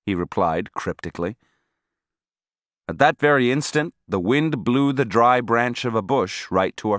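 A man's voice: mid-range voice, lively intonation, a little slow, a bit bright, dry recording, clean studio sound. A man reading a first-person story aloud as an audiobook narrator, telling it expressively.

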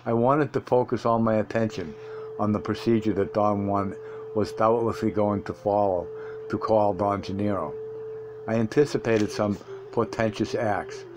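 A man narrating a first-person audiobook in a steady reading voice, with occasional slips and restarts. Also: lowish voice, background noise.

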